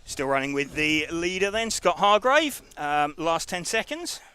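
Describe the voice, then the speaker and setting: A man with many ums and uhs, commentating on a live race and chatting in a relaxed way. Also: on the high side, a little slow, clear, resonant tone.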